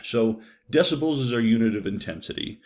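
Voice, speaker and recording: A man's voice: medium pitch, animated, a little fast, a little mellow. A man giving a university psychology lecture in a loose, conversational way, with frequent fillers and "right?" checks.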